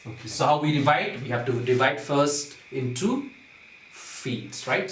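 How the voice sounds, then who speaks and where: A man's voice: mid-range voice, animated, fairly bright tone, a little hiss or hum. A man teaching a class on poetic meter, explaining step by step and often asking "okay?" to check that students follow. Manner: slow, repetitive, checks understanding with "okay?". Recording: echoey room, distant mic.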